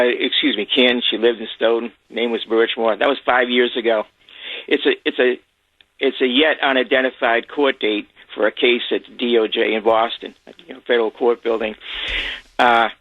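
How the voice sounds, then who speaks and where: A man's voice: medium pitch, no room sound. Male radio caller, rambly and cynical, tinny phone sound, dry. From Massachusetts. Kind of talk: call-in commentary.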